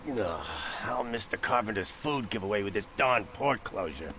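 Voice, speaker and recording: A man's voice: on the low side, animated, moderate pace, noisy background, natural voice. An actor playing a grumpy male townsman in a video game, grumbling irritably.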